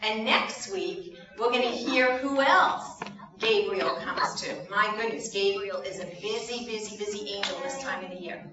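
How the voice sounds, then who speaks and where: A woman leading a children's message in church, telling a story in an animated way and asking the children questions. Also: mid-range voice, moderate pace, crowd noise. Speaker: children's sermon leader. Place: church sanctuary. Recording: roomy distant church sound, muffled.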